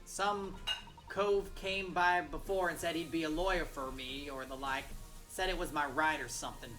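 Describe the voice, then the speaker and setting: A woman voicing a defiant, distrustful street-urchin girl pickpocket in a game, with a gruff mock Texas drawl and clipped slang. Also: low voice, steady tone, moderate pace, over music, natural voice, poor audio.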